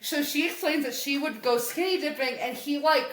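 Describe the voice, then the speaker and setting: A woman's voice: sits high, brisk. A woman co-hosting a podcast, casually recapping a comic story, acting out the characters' lines and swearing as she goes. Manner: animated retelling, acting out lines in quotes, swearing. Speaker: podcast co-host. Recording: echoey room.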